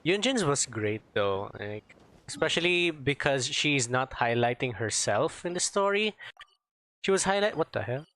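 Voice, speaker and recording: A man's voice: medium pitch, big pitch swings, unhurried, a bit bright, dry recording. A man streaming a game, chatting casually and rambling as he searches for words. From Philippines. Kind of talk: casual gameplay chat.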